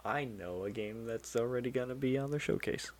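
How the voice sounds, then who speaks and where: A man's voice: medium pitch, brisk, darkish tone. A man co-hosting a gaming news podcast in a laid-back, teasing way, sounding sleepy. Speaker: podcast co-host. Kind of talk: casual chat.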